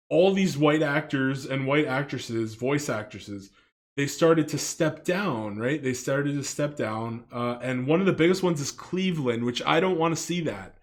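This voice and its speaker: Casual commentator: a man from Canada with a slightly higher voice, chatty, filler-heavy, rambling. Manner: loose and chatty, full of fillers and swearing. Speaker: video commentator.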